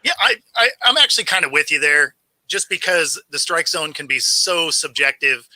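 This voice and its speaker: Lively bright-voiced man talking sports. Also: on the high side, normal speed, no echo, rough recording. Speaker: sports show co-host. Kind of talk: casual sports talk.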